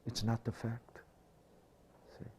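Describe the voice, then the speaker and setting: A man's voice: slow pace, mellow, slight background noise. A male preacher giving a sermon, asking rhetorical questions and checking in with "see?" and "right?".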